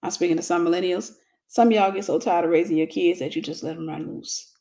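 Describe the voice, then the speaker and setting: A woman's voice: on the low side, fast talker, gravelly, mellow. A woman teaches about marriage in a loose, conversational way. She is blunt and joking, with plenty of everyday slang. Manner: blunt, humorous, colloquial. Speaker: Christian relationship teacher. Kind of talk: casual teaching talk.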